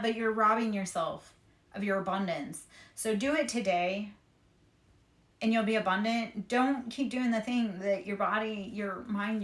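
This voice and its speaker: A woman's voice: fairly high pitch, a bit bright, roomy sound. A woman giving a live-streamed tarot reading, speaking in a repetitive, affirming, spiritually encouraging way. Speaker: tarot reader. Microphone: streaming microphone.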